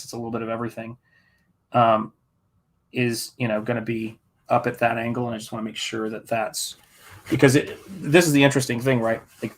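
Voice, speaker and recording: A man's voice: mid-range voice, fairly bright tone. An American man with a rambling, think-aloud manner, chatting casually with viewers while painting on a live stream. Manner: rambling, thinking aloud, restarts mid-thought. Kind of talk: casual chat while working.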